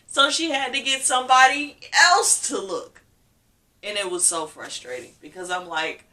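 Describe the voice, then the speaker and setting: A woman vlogger tells a personal story candidly, her feelings close to the surface as she acts out what was said to her. Her voice is bright and forward. She sits a little back from the mic. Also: medium pitch, big pitch swings, moderate pace, recorded from a distance. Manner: candid, emotional storytelling with acted-out quotes.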